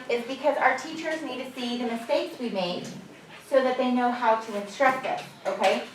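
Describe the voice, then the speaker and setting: A woman teacher leading a phonics lesson for a few children and explaining her method to watching teachers, with clear, drawn-out prompts. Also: on the high side, fairly bright tone, slight background noise. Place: classroom. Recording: echoey classroom from far off.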